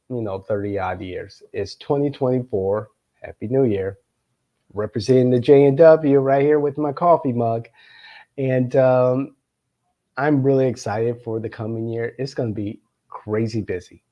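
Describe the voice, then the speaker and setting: A man's voice: medium pitch, measured pace. A middle-aged man hosting a show, telling a personal story to the camera in a meandering way, with many filler sounds and chuckling asides. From Florida, United States. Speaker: political consultant and show host. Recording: dull lo-fi sound.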